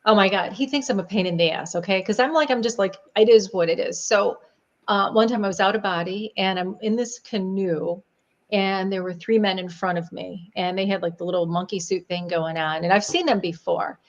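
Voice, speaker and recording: A talkative woman guest on a podcast, telling stories in a lively, animated way and laughing often. Her voice sits at an ordinary middle pitch. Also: a little fast, lo-fi sound. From Niagara Falls area. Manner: chatty, animated storyteller who laughs often. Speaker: guest psychic medium. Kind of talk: casual podcast chat.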